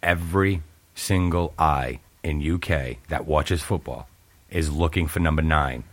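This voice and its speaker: A man's voice: a bass voice, measured pace. A man co-hosting a casual sports podcast, laughing easily and explaining his point firmly. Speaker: podcast co-host.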